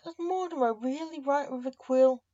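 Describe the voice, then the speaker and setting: A woman's voice: high-pitched, moderate pace, dark tone, no room sound, highs cut off, pitched above the performer's own voice, lightly acted. A woman voicing a cheeky masked chicken that chirps and teases. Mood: chirpy. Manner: chirping, teasing.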